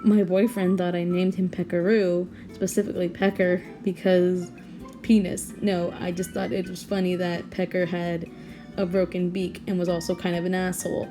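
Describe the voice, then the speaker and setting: Late at night at home, a young woman chats in a rambling, self-interrupting way about a character she drew, laughing a lot. She speaks with a fairly low, flat voice at moderate pace, with music playing in the background.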